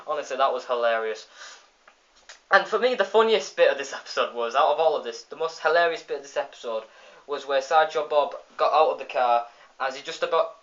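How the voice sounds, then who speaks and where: A man's voice: mid-range voice, expressive, a little fast, a bit bright. Man rambling through a dull phone recording. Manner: rambling retelling with many restarts and fillers. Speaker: episode reviewer. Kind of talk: casual spoken episode review.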